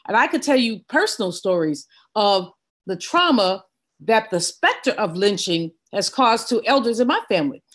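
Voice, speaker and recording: An older woman, a guest in an interview, telling a personal story in a vivid, animated way. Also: medium pitch, moderate pace. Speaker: guest economist.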